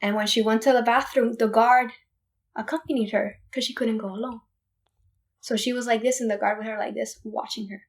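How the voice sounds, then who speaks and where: Young woman from puerto rico, podcast guest, tells it animated and emphatic, highish voice. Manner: animated, emphatic retelling with many restarts. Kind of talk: casual storytelling.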